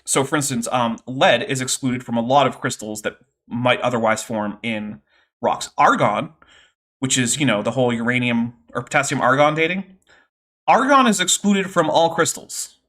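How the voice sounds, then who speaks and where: A man's voice: mid-range voice, moderate pace, a bit bright. A man hosting a livestream, explaining science in a casual, nerdy way with many fillers. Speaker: host.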